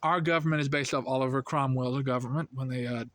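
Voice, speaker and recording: A man's voice: mid-range voice, fairly even intonation, fast talker, a bit bright, dry recording. A man hosting a video, talking through an unscripted monologue in an earnest, worried way and thinking aloud as he goes. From United States. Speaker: video host.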